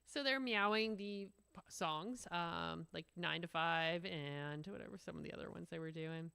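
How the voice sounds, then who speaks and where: A woman's voice: fairly low pitch, moderate pace, gravelly, bright, forceful tone, clear, resonant tone, no room sound. A woman co-hosting a live podcast, chatting playfully and giggling often. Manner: playful, giggly, meows for fun. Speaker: podcast co-host. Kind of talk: casual live podcast chat.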